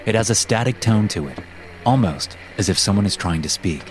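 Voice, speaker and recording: A man narrating a first-person horror story in a slow, measured, suspenseful way, as the host of his own story channel. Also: fairly low pitch, lively intonation, faint music behind.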